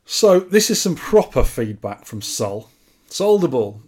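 A man co-hosting a podcast in casual chat, quick and jokey banter. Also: medium pitch, sing-song, a little mellow, slightly rough. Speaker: podcast co-host.

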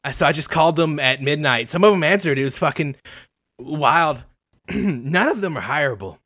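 A player in an improvised tabletop role-play game who talks in a lively, laughing way and swears often. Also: mid-range voice, moderate pace, no echo, studio quality.

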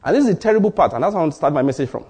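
A man preaching a sermon as pastor, telling stories and acting out short exchanges, with sudden rises in pitch for emphasis. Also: sing-song, rapid-fire, a little mellow, husky. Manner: storytelling, acts out dialogue in asides.

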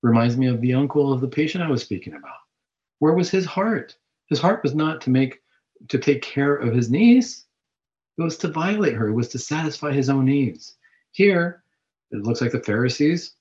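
A man's voice: medium pitch, a little mellow. A man hosting a Catholic talk show, giving a preaching-style reflection on scripture with rhetorical questions. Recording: dull lo-fi recording.

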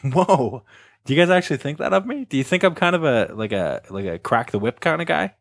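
Male podcast host, casual comedy chat, animated and quick to laugh, wide swings in pitch. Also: creaky.

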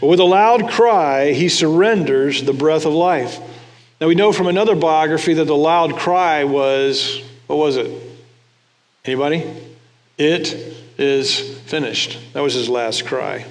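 A man preaching a sermon with a fairly high voice. He talks to the congregation in a conversational way, tossing them questions, and his words ring with the long reverb of a large hall. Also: normal speed. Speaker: pastor.

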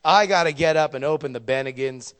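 A man's voice: a little high, fairly quick, clear, resonant tone, long reverb tail. Profane young man telling a story. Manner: profane, animated storytelling with sudden loud bursts. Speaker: stand-up comedian. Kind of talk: stand-up storytelling.

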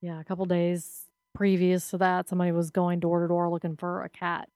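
A woman co-hosting a podcast with a somewhat low voice, telling her part of a story plainly and earnestly. The sound is dry and close, with no room in it. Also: completely flat delivery, brisk, a little mellow, dry recording. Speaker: podcast co-host. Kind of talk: casual chat.

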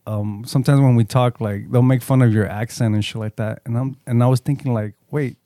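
A man's voice: medium pitch, steady tone, brisk, dark tone, no room sound, studio quality. A young man chatting casually, rambling and swearing, dropping Spanish slang into his English. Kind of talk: casual chat.

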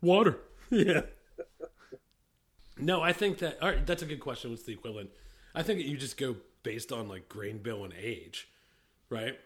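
A middle-aged man co-hosting a casual chat, rambling and often breaking off mid-sentence, quick to laugh. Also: medium pitch, lively intonation, a bit bright. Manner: rambling, self-interrupting, laughs easily. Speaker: podcast co-host, whiskey industry veteran.

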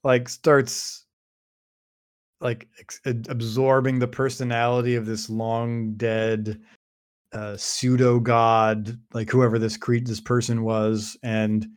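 A man's voice: medium pitch, little pitch movement, takes it slowly. A man in casual chat, summarizing a fantasy novel in a rambling way, with frequent restarts. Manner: rambling, lots of fillers and restarts. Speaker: podcast host summarizing a book.

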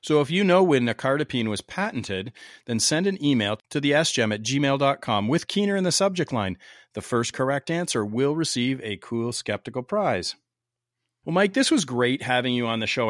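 A man's voice: mid-range voice, fairly bright tone, dry recording. Guy hosting a podcast, chatty and upbeat, dry close sound. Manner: upbeat, conversational. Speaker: podcast host.

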